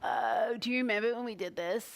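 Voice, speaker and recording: A woman's voice: a little high, brisk. A woman, the author's mother, bantering and hesitantly reading aloud to children. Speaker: author's mother helping at the event.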